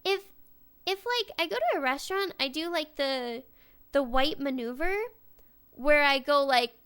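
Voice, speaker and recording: A woman's voice: high voice, expressive, slow, a bit bright. A young woman in casual chat. She rambles, swears freely and restarts her sentences often.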